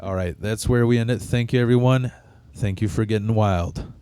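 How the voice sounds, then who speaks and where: A man's voice: on the low side, moderate pace, warm tone, clear, resonant tone, dry recording. Male podcast host, foul-mouthed storyteller, dry studio sound. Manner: profane, rambling comic storytelling. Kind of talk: casual storytelling chat. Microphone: studio microphone.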